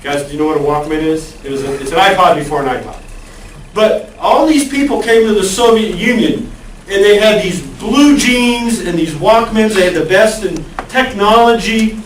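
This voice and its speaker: A man's voice: sits high, moderate pace, slight background noise. A male college lecturer giving a conversational classroom lecture and asking the class questions. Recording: echoey classroom, far from the mic.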